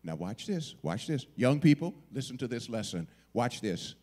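A man's voice: mid-range voice, big pitch swings, normal speed, warm tone. A middle-aged man preaching a sermon with dramatic storytelling, acting out the voices of the figures and dropping suddenly to a whisper. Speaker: guest preacher.

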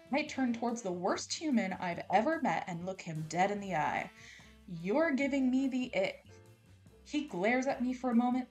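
A woman reading a romance novel aloud in a dramatic, casual style with playful, sarcastic asides. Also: on the high side. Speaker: audiobook reader.

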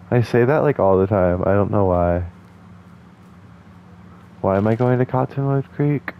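A man's voice: fairly low pitch, measured pace, gravelly, long pauses, muffled recording. Chatty, self-mocking man playing a game. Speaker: let's play host. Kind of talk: casual gameplay commentary.

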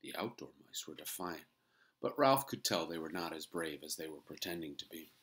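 Very deep-voiced woman reading a storybook. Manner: expressive, lively storybook reading. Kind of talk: reading a children's book aloud.

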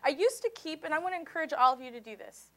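Speaking very fast with lively intonation, a woman pastor preaches passionately, guiding her congregation through call and response. Her sermon ranges from soft, low moments to loud, high exclamations.

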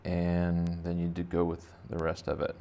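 A deep, warm male voice speaks in a monotone at a moderate pace. He's an art teacher giving kids a relaxed drawing lesson, joking, rambling and musing aloud while he sketches.

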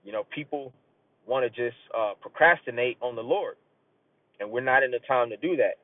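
A man's voice: mid-range voice, normal speed. A man giving a loose, conversational sermon, reading scripture aloud and urging listeners, often tagging lines with "man.". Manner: earnest and urging, rising as he presses a point. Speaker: street preacher. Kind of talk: casual sermon. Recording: tinny phone-like audio, dry.

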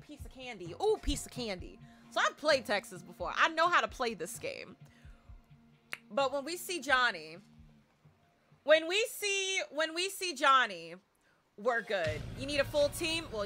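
A woman live-streaming a horror game, talking to her chat with loud, excitable, dramatic reactions. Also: high voice. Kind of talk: live gameplay commentary with chat.

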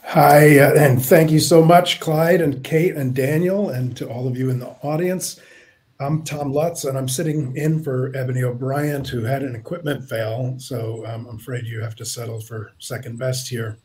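A man's voice: mid-range voice, steady tone, moderate pace, a little mellow. A man moderating a live online author session, speaking informally with frequent restarts as he introduces himself and asks questions.

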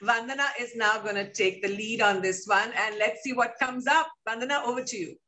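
A woman's voice: a little high, a little fast, bright, forceful tone, a little hiss or hum, poor audio. A woman hosting a book launch, chatty and sprinkling her questions with "you know".

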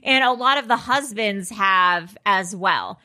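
A chatty woman co-hosting a podcast, with a bright, forceful tone. She talks casually, trips over names and laughs easily. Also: medium pitch, takes it slowly. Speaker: podcast co-host. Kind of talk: casual chat.

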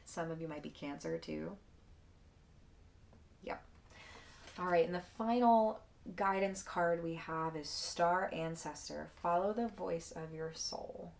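A woman's voice: fairly low pitch, slow pace, vocal fry. A woman giving a casual, emotional tarot card reading to her viewers, effusive and swearing freely.

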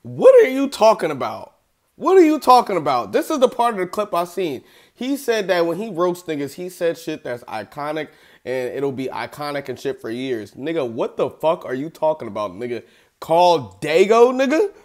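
Male reaction host, higher voice, very animated delivery, mocking and profane. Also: normal speed. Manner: mocking, profane, laughs often. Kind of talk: casual reaction commentary.

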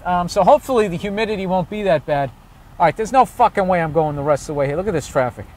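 A man's voice: high-pitched, animated, fast talker, a little mellow. A man, a comedian, ranting profanely and sarcastically about traffic while driving through city streets. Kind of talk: casual rant while driving.

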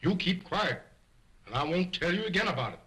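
A man's voice: high-pitched, very animated, a little fast, bright, forceful tone, slightly rough, full character voice, poor audio. An actor playing a vain, domineering ventriloquist who scolds his dummy sternly, in 1920s early talkie acting. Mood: scolding.

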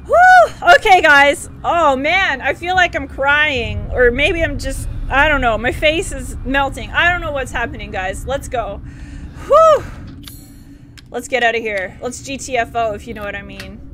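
Young woman streamer, high voice, slow excitable chatter, screams and laughs at scares, faint noise behind. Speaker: live game streamer. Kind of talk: live gameplay streaming, chatting with viewers.

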